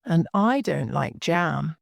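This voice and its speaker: A woman's voice: sits low, very animated, slow, creaky, dry recording, studio quality, heavily acted. A woman voicing a curious, polite young girl who asks puzzled questions.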